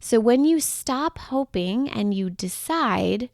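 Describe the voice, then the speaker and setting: A woman's voice: fairly high pitch, expressive, takes it slowly, vocal fry, a little mellow, no echo, clean studio sound. A woman hosting her own podcast as a breakup coach, talking in a gushing, affectionate, upbeat way, chatty with little laughs. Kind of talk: solo podcast monologue.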